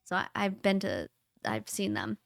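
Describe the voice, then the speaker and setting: A young woman, a guest on a podcast, chatting casually with halting pauses and restarts. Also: medium pitch, sing-song, creaky, no room sound, clean studio sound. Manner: halting, many fillers and restarts, laughs easily. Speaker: guest, neonatal nurse. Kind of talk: casual interview chat.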